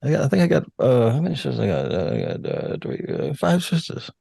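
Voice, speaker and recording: An older man with a deep, calm radio voice, chatting casually as a podcast guest, relaxed and laughing, with halting restarts. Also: gravelly, husky, dry recording, clean studio sound. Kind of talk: casual interview chat.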